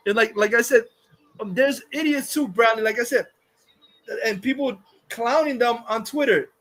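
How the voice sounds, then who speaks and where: A man's voice: extremely high pitch, unhurried, pauses often, a bit bright. A man hosting a livestream, ranting casually in a heated, profane, insulting way. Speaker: livestream host.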